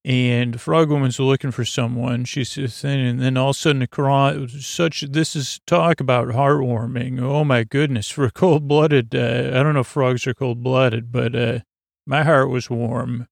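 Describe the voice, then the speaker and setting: A man casually recapping a TV episode on his own, rambling and halting with many fillers and restarts. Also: medium pitch, steady tone, creaky, no echo, studio quality. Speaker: podcast host recapping a TV episode.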